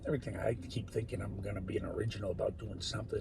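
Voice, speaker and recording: A man's voice: on the low side, steady tone, rapid-fire, vocal fry. Rambling man, noisy recording. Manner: rambling, drifts between loud bursts and muttered whispers. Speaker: solo talker. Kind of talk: rambling monologue.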